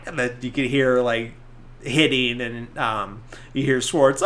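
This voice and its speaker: This man's voice sits at medium pitch, with fairly even intonation, a fairly bright tone and an unhurried pace, over slight background noise. Hosting a podcast, he loosely walks through a film scene by scene in a rambling, filler-packed chat, performing the lines he quotes.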